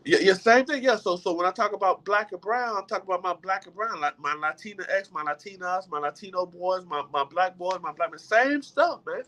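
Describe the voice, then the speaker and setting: A man's voice: high-pitched, brisk, few pauses, pushed and bright. A middle-aged man giving a motivational talk to a live group, emphatic and preacher-like, repeating words as he builds his points. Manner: emphatic preacher-like delivery with many repetitions. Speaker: motivational speaker.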